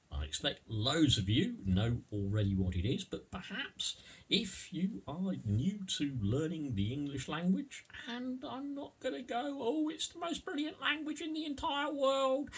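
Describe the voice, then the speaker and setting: A middle-aged man giving an informal language lesson in a chatty, rambling, digressive way with a husky voice. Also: extremely low pitch. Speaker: YouTube English teacher.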